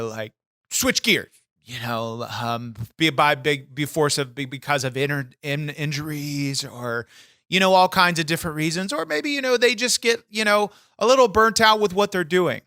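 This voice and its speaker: A brash man rambles and swears through comedic wrestling banter. His voice sits fairly high and rings bright and forceful, with a dry, close sound. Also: animated, normal speed, smooth, no room sound. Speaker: podcast co-host. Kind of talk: comedic wrestling persona chat.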